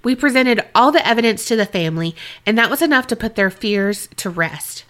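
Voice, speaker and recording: A woman co-hosts a casual podcast, her voice bright and a touch high. She reads a listener's story aloud, then slides into animated, joke-filled chat, laughing often and drawling through her asides. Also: a little fast. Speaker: podcast co-host.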